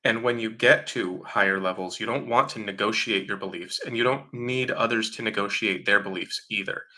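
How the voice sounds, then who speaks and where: A man with a fairly low, sharp voice speaks at a moderate pace while hosting a live Q&A stream and answering chat questions. He talks casually and with strong opinions, leaning on frequent fillers and often mocking other people by quoting them in put-on voices.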